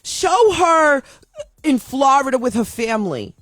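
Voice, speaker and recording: A woman with a high voice rants in an emotional vlog, her pitch swinging widely as she repeats herself and restarts her sentences. She sounds upset and heartfelt throughout. The recording is dry and close, with faint music behind her. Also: big pitch swings, measured pace, fairly bright tone, no echo. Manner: impassioned, repetitive ranting with many restarts. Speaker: video commentator.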